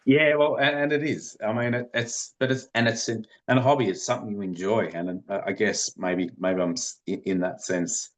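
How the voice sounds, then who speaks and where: Earnest rambling man, low voice. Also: fairly even intonation, moderate pace, hardly any pauses. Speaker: podcast guest. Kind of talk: conversational interview.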